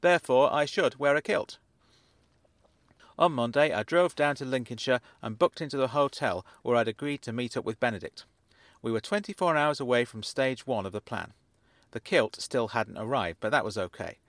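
A man reading his own comic story in the first person, with a dry, deadpan delivery. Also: medium pitch, normal speed, no room sound. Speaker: author and narrator. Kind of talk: first-person audiobook narration.

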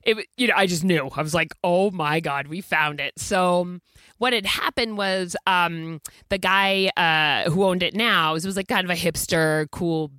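A woman's voice: on the low side, pushed and bright, no room sound, clean studio sound. A woman telling a rambling anecdote in casual chat, laughing often and acting out what people said. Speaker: co-storyteller.

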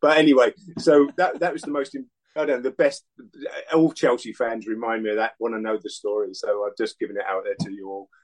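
Former pro footballer in his sixties, interview guest, lowish voice, loose anecdotal storyteller. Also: fairly even intonation, a little fast, rough recording. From England. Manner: rambling anecdotes, acts out other people's lines.

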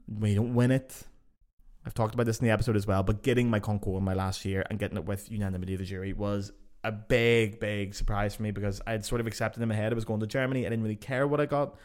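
A young man rattles through anecdotes at a quick clip, his voice sitting fairly low. He hosts a podcast and talks casually, cursing freely and animating every story. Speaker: podcast host.

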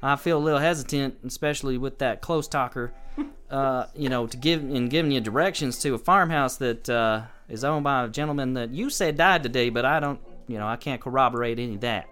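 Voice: mid-range voice, a little fast, a bit bright, clear, resonant tone, faint music behind, close to an everyday voice. A game master voicing a wary, folksy small-town woman who drawls and hesitates through fillers.

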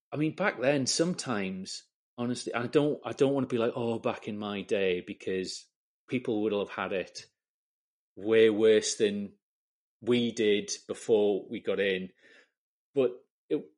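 A man with an English accent talks casually as an interview guest. His voice sits low, and he tells stories with plenty of swearing. He pokes fun at himself as he goes. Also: a little mellow. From England. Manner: sweary, self-deprecating storyteller. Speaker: guest, camera assistant.

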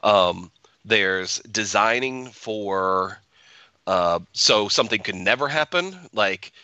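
A man's voice: fairly low pitch, expressive, slow pace, bright, forceful tone, clear, resonant tone, dry recording, highs cut off. A man who brews beer, co-hosting a podcast and explaining things plainly with everyday examples. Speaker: brewer and podcast co-host. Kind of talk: casual explaining.

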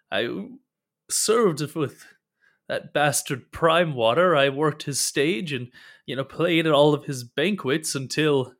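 A man's voice: fairly high pitch, fairly bright tone. A man voicing a bedraggled captive male singer who is effusive in his gratitude and bitter about his former boss, cursing freely in a tabletop role-play. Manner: grateful then resentful, swears freely.

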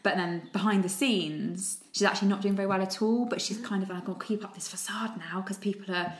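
A woman's voice: medium pitch, brisk. A woman, a parenting blogger chatting casually and acting out stories with quoted voices. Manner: animated storyteller, acts out quotes, laughs often. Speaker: podcast host, parenting blogger. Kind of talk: casual chat. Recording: roomy echo.

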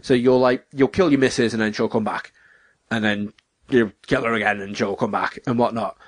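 A man's voice: mid-range voice, steady tone, brisk, no echo. A young man chatting animatedly about video games, acting out characters in raised voices.

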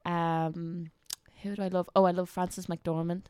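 A woman's voice: on the low side, flat delivery, a little slow, warm tone, clean tone, no room sound, clean studio sound. A woman, an actress guest on a podcast, chatting casually and gushing enthusiastically. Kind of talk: casual chat.

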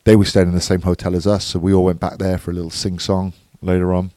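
A man's voice: deep voice, little pitch movement, fast, warm tone, no echo. A man co-hosting a podcast, giving a matter-of-fact, analytical match recap in casual chat. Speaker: podcast co-host.

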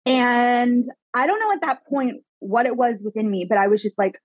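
A woman from Canada, a guest telling her life story in a podcast interview, animated and emphatic, with many casual "like" fillers. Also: on the high side, normal speed, no echo, rough recording. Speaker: guest, psychic medium mentor.

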